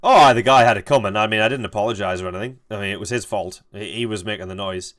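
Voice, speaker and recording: A young man streaming a game, telling a rambling, halting story and swearing freely. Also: lowish voice, fairly bright tone. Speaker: gaming streamer. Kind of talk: casual storytelling while playing.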